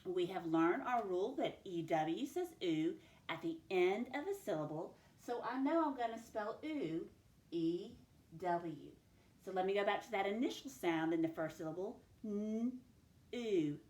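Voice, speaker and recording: A woman teacher giving a recorded classroom lesson, speaking slowly and clearly as she models each word sound. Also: medium pitch, animated, darkish tone, reverberant. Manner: slow, clear phonics modelling, stretching out sounds.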